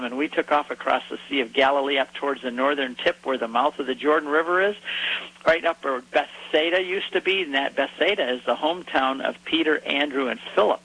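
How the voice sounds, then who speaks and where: Man telling a lively travel story. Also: mid-range voice, husky, poor audio. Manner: animated storyteller, acts out voices in quotes. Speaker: guest. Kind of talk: storytelling conversation.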